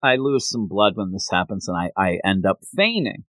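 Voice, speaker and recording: Man voicing a tired young man, low, slow, subdued, dry close sound. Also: big pitch swings, a bit bright, no room sound. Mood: weary.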